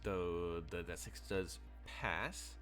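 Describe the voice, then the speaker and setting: Low-voiced man running a tabletop game. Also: takes it slowly, a bit bright, clean tone, soft background music. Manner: rambling, filler-heavy, chuckling. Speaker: game master.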